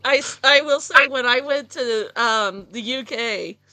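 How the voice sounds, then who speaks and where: A woman's voice: a little high, a little slow, bright, forceful tone, no room sound, faint music behind. A woman from the United States streaming a game, chatting casually over voice chat and laughing often.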